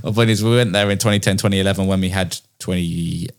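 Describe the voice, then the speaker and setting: A man co-hosting a casual podcast chat, dry and quick with short quips. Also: deep voice, steady tone. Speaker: podcast co-host.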